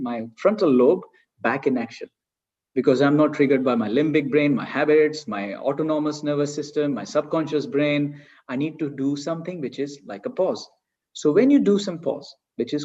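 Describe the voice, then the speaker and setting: A man's voice: a little high, a little mellow, dull audio. A man giving an earnest online coaching talk, acting out everyday excuses in little quoted voices. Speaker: leadership coach.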